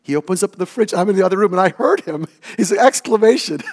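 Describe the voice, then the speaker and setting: A man's voice: sits high, lively intonation, quick pace. A middle-aged male pastor preaching a sermon built around a personal story, self-mocking and often laughing.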